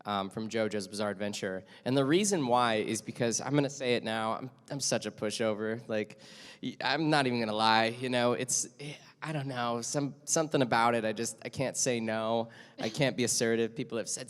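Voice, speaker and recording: An anime voice actor chats casually on a convention panel, easygoing and rambling, with many fillers and restarts. His medium-pitched voice is clean in tone and a little fast, with convention hall reverb around it.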